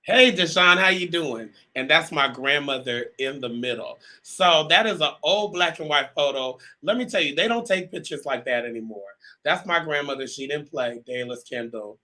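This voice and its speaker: A man's voice: mid-range voice, normal speed, hardly any pauses, pushed and bright, poor audio. A man hosting a live talk show, chatting straight to his viewers with lots of ums. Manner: chatty, addresses viewers directly, many um fillers.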